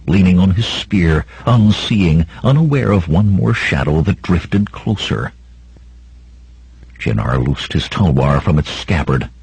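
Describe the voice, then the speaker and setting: Husky low-voiced male audiobook narrator. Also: darkish tone, no room sound. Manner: acts out battle cries in a raised voice.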